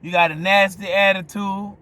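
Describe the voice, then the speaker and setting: A man's voice: sits high, level tone, normal speed, sharp tone, slight background noise. A man with a New Orleans accent giving a blunt, profane opinion monologue, often stopping to ask if you hear him. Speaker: vlogger.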